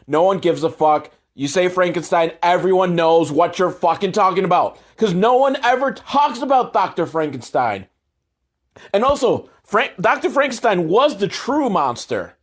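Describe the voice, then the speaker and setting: A man host sarcastically recapping a movie, swearing a lot and mocking the characters in put-on voices. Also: fairly high pitch. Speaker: comedy podcast host.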